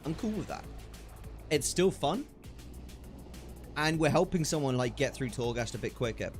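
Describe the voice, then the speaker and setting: Male streamer, casual gaming chat, laughs a lot, average pitch, light music bed. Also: normal speed. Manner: chatty, excitable, laughs often, trailing restarts. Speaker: livestreamer.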